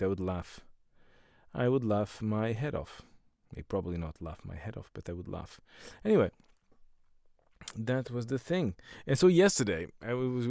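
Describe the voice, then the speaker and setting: A man's voice: medium pitch, gravelly, a little mellow, no room sound, studio quality. A man, a stand-up comedian and podcast host, talking in a rambling casual monologue full of swearing and self-mocking jokes.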